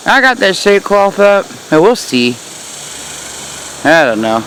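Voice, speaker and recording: A woman's voice: medium pitch, very animated, takes it slowly, a bit bright, slight background noise, rough recording. A woman giving a casual, chatty tour of her backyard garden in the heat, hot and sweaty and laughing at herself. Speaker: gardening vlogger.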